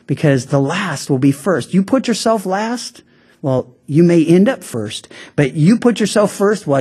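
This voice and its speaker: A pastor delivering a sermon in a middle-pitched voice, talking to the congregation like a conversation rather than a speech. The delivery is full of small restarts and repeated words. On the key lines the pace drops to a slow, deliberate emphasis. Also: a little mellow, husky. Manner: conversational preaching, slowing down on key phrases; frequent restarts and stammered repeats.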